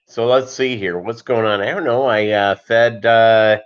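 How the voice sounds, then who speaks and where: A man's voice: on the low side, steady tone, a little slow, smooth, muffled recording. A man hosting a casual livestream, greeting viewers by name and rambling with lots of fillers. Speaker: fishkeeping livestream host.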